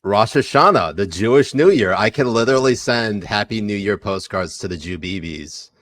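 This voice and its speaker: Male podcast co-host, low voice, dry close mic, joking banter. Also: lively intonation, moderate pace, fairly bright tone, no room sound. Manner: joking, laughs often, reads tweets aloud. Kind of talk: casual chat.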